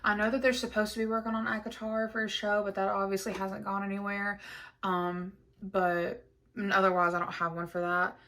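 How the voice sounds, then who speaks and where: A woman's voice: medium pitch, level tone, normal speed, a bit bright. Chatty, gushing woman book vlogger. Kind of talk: casual chat to camera.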